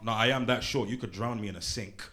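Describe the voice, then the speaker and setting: A man, performing a brash, profane, animated stand-up set in a small venue. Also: on the low side, fast, background noise. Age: late 20s. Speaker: stand-up comedian. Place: small comedy pub venue, live audience. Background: audience laughter.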